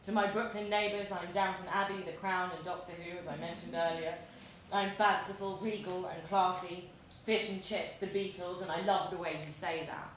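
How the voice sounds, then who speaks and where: A woman in her thirties from London with a London accent, reading her own essay aloud to an audience in a measured, deliberate, wry way. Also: fairly low pitch, steady tone. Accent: London English. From London, England. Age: 30s. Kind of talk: live reading of a personal essay. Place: large echoey museum event space. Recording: very echoey room, faint background noise.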